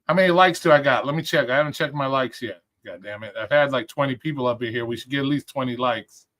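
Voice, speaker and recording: Male streamer, mid-pitched, rambling and profane, casual rant energy. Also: fast talker, fairly bright tone. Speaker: livestream host. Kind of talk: casual livestream commentary.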